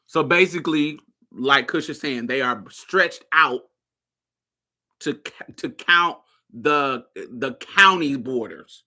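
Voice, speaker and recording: A man's voice: medium pitch, takes it slowly, pushed and bright. A man from Indianapolis hosting a show, talking loosely and profanely and keeping checking that listeners are following. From Indianapolis, USA. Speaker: podcast host. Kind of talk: casual livestream commentary.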